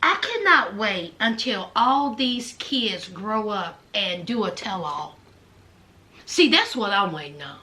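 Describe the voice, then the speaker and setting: Animated woman recapping reality TV. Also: mid-range voice, takes it slowly. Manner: animated, dramatic, addresses viewers as y'all. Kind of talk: casual TV recap commentary.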